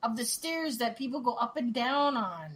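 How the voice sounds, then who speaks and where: A woman's voice: on the high side, lively intonation, moderate pace, a crowd in the background, rough recording. A woman co-hosting a radio show, chatting casually and telling stories with frequent laughter. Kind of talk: casual chat, storytelling.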